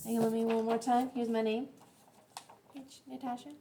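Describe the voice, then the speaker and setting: A woman's voice: on the high side, level tone, fairly quick, mellow, a little hiss or hum. A young adult woman teaching an art lesson, chatty and encouraging, thinking aloud as she draws and colors. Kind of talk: classroom art lesson video.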